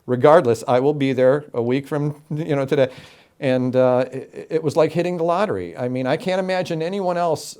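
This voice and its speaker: A middle-aged man from Florida, an interview guest telling his story with animated, emphatic delivery and acted-out quotes. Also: on the high side, normal speed, clean tone. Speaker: interview guest, game show announcer.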